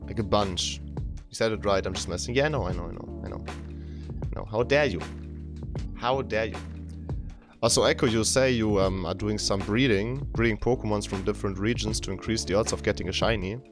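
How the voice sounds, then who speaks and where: Low-voiced laid-back male streamer. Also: fast talker, over music. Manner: keeps voice down, chill and chatty. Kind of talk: casual live-stream chat.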